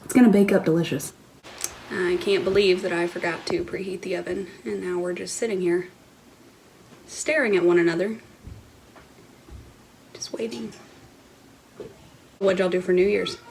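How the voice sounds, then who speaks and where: A woman's voice: on the low side, fairly even intonation, a little fast, creaky, a little mellow, rough recording. Lady walking thru a recipe in her kitchen, joky and goofy, faint hum behind. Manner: playful, self-mocking asides. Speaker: cooking vlogger. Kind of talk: cooking tutorial. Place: home kitchen.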